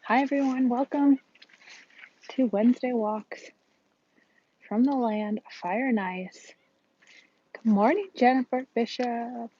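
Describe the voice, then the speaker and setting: A chatty woman with a Midwestern American accent talks slowly and easily on a live stream from a harbor. She greets her viewers by name and laughs between thoughts. The phone audio sounds a little dull, with a faint hiss behind her. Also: fairly high pitch, dark tone. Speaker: vlogger hosting a live stream. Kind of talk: casual live-stream chat. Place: outdoors by a harbor.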